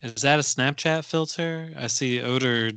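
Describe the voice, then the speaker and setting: A man's voice: medium pitch, moderate pace, pushed and bright, clear, resonant tone, no echo. A man co-hosting a podcast, laid-back, laughing often and reading silly limericks. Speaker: podcast co-host. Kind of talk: casual chat.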